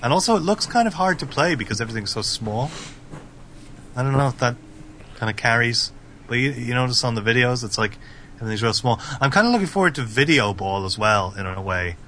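Bright, deadpan monotone man. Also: medium pitch, fairly quick, a little hiss or hum. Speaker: podcast guest. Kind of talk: casual podcast chat.

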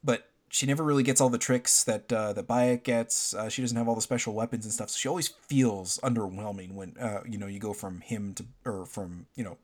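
A man's voice: lowish voice, steady tone, fairly quick, few pauses, a little mellow. A man chatting casually about a video game he played, rambling with lots of fillers and restarts. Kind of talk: casual game review chat.

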